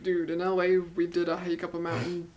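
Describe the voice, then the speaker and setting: A man's voice: sits high, monotone, brisk, darkish tone. A man co-hosting a podcast in casual chat, easygoing and dry, with light laughs. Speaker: podcast co-host.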